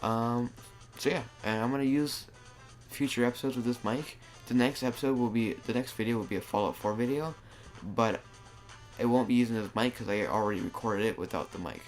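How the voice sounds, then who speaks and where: A man's voice: medium pitch, fairly quick, faint music behind. A man giving casual, rambling commentary over his gameplay, often restarting his sentences. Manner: rambling, with frequent restarts and filler words. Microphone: new desktop microphone.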